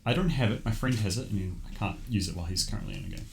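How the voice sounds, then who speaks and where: A man's voice: lowish voice, rapid-fire, creaky, echoey room, noisy background. A man giving casual commentary while showing games, thinking aloud with many ums.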